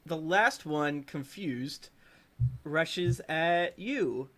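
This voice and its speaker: A man's voice: fairly high pitch, lively intonation, extremely slow, pushed and bright. A man running a tabletop game as dungeon master, narrating playfully with lots of fillers. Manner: playful, rambling, with many fillers.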